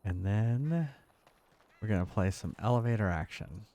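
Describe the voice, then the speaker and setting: A man's voice: fairly low pitch, animated, moderate pace, warm tone, lo-fi sound. A man casually commenting while streaming a video game, laid-back and prone to laughing.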